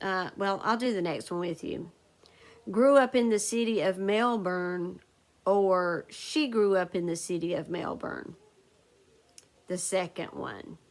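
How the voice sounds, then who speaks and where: A woman teacher leading a recorded phonics lesson, dictating sentences slowly and spelling words out letter by letter. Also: lowish voice, gravelly. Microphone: recorded for a video lesson.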